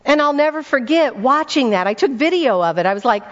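Preaching to a congregation in a church hall at a weekend church event, a woman tells stories, poses rhetorical questions to the room and repeats words for emphasis. Her voice is high-pitched and lively in intonation, moving fairly quickly with hardly any pauses. The recording sounds dull, with the hall's reverberation audible.

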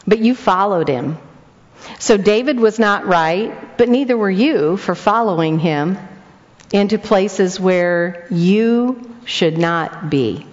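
Taking her time, an older woman and grandmother preaches a story sermon in a mid-range voice, dramatizing every voice with animated energy. Audio is lo-fi and dull, with a lengthy echo from the hall.

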